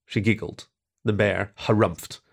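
A man narrating a short story in an expressive reading voice. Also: lowish voice, a little slow, gravelly.

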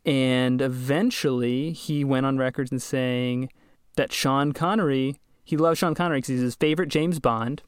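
A man's voice: mid-range voice, fairly even intonation, moderate pace, smooth, dry recording. Chatty wry man, dry close mic. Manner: chatty, wry, laughs often. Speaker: podcast host. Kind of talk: casual storytelling chat.

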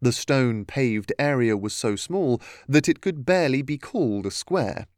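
A man reading a storybook aloud as narrator, in a steady, even manner. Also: mid-range voice, moderate pace, dry recording, clean studio sound.

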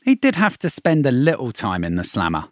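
A man giving scripted documentary narration in a measured, explanatory way. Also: medium pitch, wildly swooping pitch, no echo, clean studio sound.

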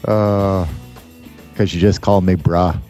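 A man's voice: sits low, fairly even intonation, measured pace, dark tone, faint music behind. A man in his forties co-hosting a podcast in casual chat, laughing, teasing and cheerfully opinionated. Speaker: podcast co-host.

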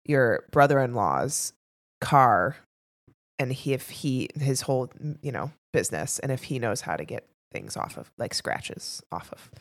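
A woman co-hosting a podcast, chatting casually and telling expressive stories. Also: rumbling low, measured pace. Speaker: podcast co-host. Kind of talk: casual chat.

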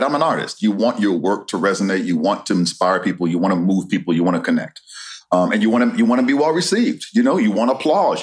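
Reflective male spoken-word poet, interview guest. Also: fairly low pitch. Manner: reflective, laughs easily, repeats words as he restarts. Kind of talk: interview conversation.

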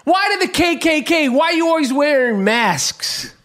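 A middle-aged man hosting a podcast, ranting profanely and bursting into shouts. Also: extremely high pitch, animated, normal speed. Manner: swears heavily and shouts in bursts. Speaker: podcast host. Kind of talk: profane, animated podcast rant.

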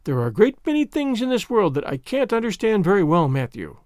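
A man's voice: high voice, big pitch swings, brisk, darkish tone, no echo, studio quality. A man voicing a talkative, imaginative young girl who chatters earnestly and at length. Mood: eager.

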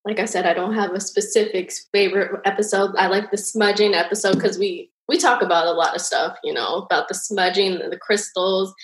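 A woman's voice: mid-range voice, fairly even intonation, a little fast, few pauses, reverberant, poor audio. A woman guest, a podcast listener, rambling in casual chat with plenty of fillers. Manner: rambling, warm praise with fillers.

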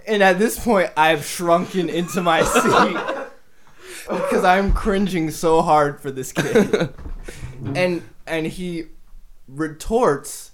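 A woman's voice: sits low, measured pace, long pauses, a little hiss or hum. A young woman telling an awkward school story in casual chat, laughing often as she retells it.

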